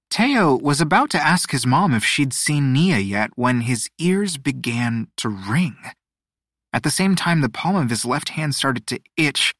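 A man narrating a storybook in a measured, expressive reading voice. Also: medium pitch, no echo, clean studio sound. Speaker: audiobook narrator.

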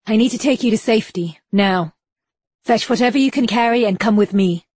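A woman voicing a stern, urgent Victorian gentleman who talks in terse commands. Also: on the high side, brisk, breathy edge, no echo, pitched above the performer's own voice. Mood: commanding.

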